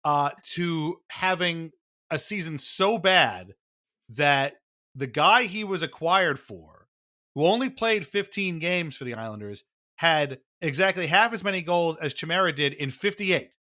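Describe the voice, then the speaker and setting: Bright-voiced wry male podcast host. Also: fairly high pitch, animated, measured pace. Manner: laughs easily, wry and storytelling. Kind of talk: casual chat.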